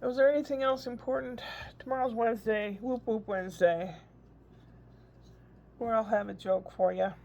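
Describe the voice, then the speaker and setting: A woman's voice: on the high side, level tone, a little fast, vocal fry, darkish tone. An older woman, a grandmother, chatting in a rambling, casual video diary. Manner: chatty, rambling, frequent laughs. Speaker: vlogger. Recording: dull lo-fi recording.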